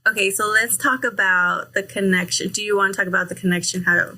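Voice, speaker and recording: A woman with a bright, clear tone hosts a podcast interview. She steers the conversation in a friendly way, asking her guest questions. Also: mid-range voice, steady tone, fairly quick. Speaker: podcast host. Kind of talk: interview hosting.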